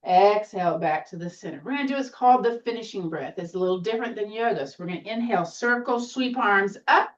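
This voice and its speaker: A woman teaching a seated tai chi class, giving gentle, encouraging cues with playful exclamations. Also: mid-range voice, fast talker, few pauses, distant mic, muffled recording. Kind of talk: guided exercise class.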